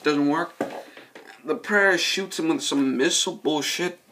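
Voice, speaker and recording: Man, movie review vlog, profane rambling, slightly high pitch, faint background noise. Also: normal speed. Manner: profane, excitable, loses his train of thought.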